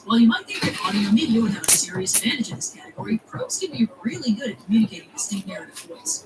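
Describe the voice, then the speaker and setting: A woman narrating a scripted video essay in a wry, chatty way. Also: mid-range voice. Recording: distant mic, noisy background.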